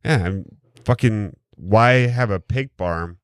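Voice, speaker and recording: Male podcast host, low-pitched, irreverent and crude, dead dry room. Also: slow pace, clear, resonant tone, no room sound. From Wisconsin, USA. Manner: crude, joking, reads quotes aloud. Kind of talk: casual podcast chat.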